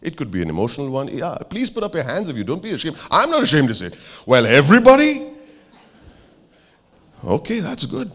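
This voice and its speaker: Animated man in an echoing hall. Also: fairly high pitch, fairly quick. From India. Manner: animated, playful storyteller who banters with the audience. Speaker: keynote speaker. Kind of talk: motivational keynote talk. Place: large auditorium. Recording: long hall reverb.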